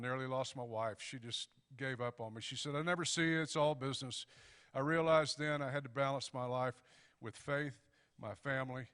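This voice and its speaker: A man's voice: medium pitch, a bit bright. A middle-aged man giving a folksy storytelling speech to a club, acting out the back-and-forth of old conversations. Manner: folksy, acts out dialogue. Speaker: guest speaker. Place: banquet hall. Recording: long hall reverb.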